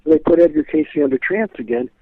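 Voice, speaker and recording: A man's voice: fairly high pitch, lively intonation, fast, no room sound. Rambling man on a tinny phone line. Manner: rambling, full of "you know" and restarts. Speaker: guest expert on a historical psychic. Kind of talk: casual storytelling interview answers.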